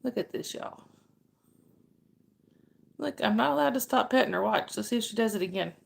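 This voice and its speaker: A middle-aged woman with a gravelly, slightly high voice hosts a casual live chat at a moderate pace, her intonation lively. She chats warmly, greets viewers by name, and answers their chat questions.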